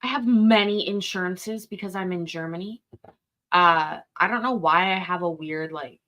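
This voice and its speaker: Chatty woman with a bright voice. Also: lowish voice, normal speed. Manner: rambling, chatty, swears freely. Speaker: live-stream host reacting to a court show. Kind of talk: casual live commentary.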